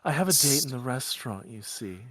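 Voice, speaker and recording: A man's voice: mid-range voice, lively intonation, brisk, a bit bright, no room sound, voice pushed down, lightly acted. A man voicing a prim, sweetly polite young woman in a tabletop game podcast, recorded close and dry.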